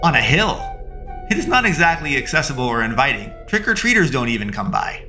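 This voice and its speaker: Bright-voiced male fiction narrator. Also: medium pitch, very animated. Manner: slow, measured, with long pauses. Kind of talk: first-person audio fiction narration. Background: faint music.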